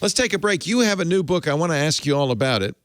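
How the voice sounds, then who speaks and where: A man's voice: on the high side, lively intonation, fast talker, fairly bright tone, no echo, clean studio sound. A man hosting a tech podcast, talking casually and rambling, often correcting himself and chuckling. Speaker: podcast host.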